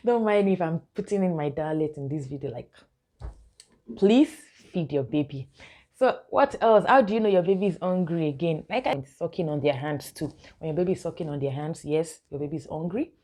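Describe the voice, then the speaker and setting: A woman's voice: sits low, lively intonation, a little fast, mellow. A young woman, a mother giving casual baby-care tips to her viewers and calling them guys. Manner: chatty, keeps addressing viewers as guys, laughs often. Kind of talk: casual instructional vlog.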